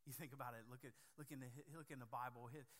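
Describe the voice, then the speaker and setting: A middle-aged man preaching a sermon as pastor, earnest, swinging from loud emphatic phrases down to hushed ones. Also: medium pitch, steady tone, fast talker.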